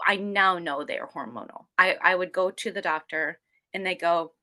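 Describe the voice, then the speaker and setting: In a casual interview, a woman in her forties recounts her health story in a fairly low voice at normal speed. Her telling wanders and is lively, and she acts out what others said to her.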